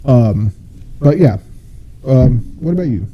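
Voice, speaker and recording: Goofy, rambling podcast guy with a husky voice. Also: medium pitch, expressive, takes it slowly, lo-fi sound. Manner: laughs often, goofy and rambling, stumbles over words. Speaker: podcast co-host. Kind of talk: casual chat.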